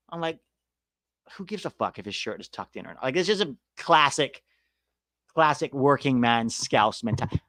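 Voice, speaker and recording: A man's voice: on the high side, big pitch swings, normal speed, fairly bright tone, no echo. A man hosting a casual soccer podcast, talking bluntly and sarcastically, swearing freely as he answers viewers. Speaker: soccer podcast host reading live chat. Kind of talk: casual opinionated chat.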